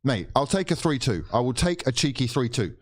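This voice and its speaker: A man with a medium-pitched voice hosts a live football watchalong, speaking briskly and with great animation. He calls the play while reacting with sighs, swearing and mock despair, giving live match reaction and commentary.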